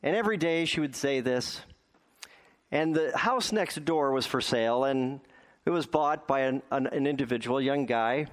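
A man's voice: mid-range voice, normal speed. A male pastor delivering a sermon in a folksy storytelling way.

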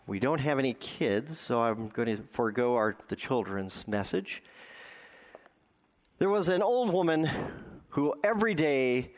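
A man's voice: mid-range voice, lively intonation, a little slow. A male pastor delivering a sermon in a folksy storytelling way.

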